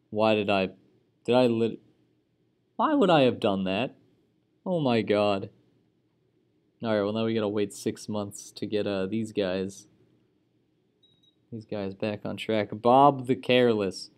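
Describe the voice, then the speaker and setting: A man's voice: fairly low pitch, darkish tone. A man giving casual let's-play commentary as he plays, chatty and full of sudden exclamations. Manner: exclaims often, chatty running reactions. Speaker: gaming channel host.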